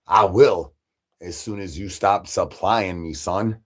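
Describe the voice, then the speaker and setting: A man's voice: low voice, slow, a little hiss or hum. A man livestreaming, rambling crude jokes and talking straight to his chat in a repetitive, joking way. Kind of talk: rambling crude stream banter.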